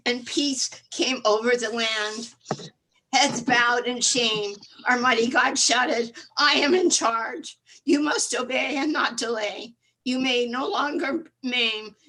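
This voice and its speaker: An older woman, a retired teacher, reading her own poem with emotion and a steady rhythm on a video call. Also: a little high, low-quality recording. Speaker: open mic poet.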